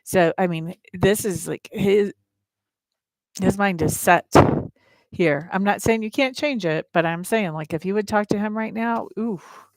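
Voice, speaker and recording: A woman's voice: mid-range voice, measured pace, no echo. A woman hosting a live tarot reading, chatting straight to her viewers in a blunt, playful way. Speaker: tarot reader and livestream host.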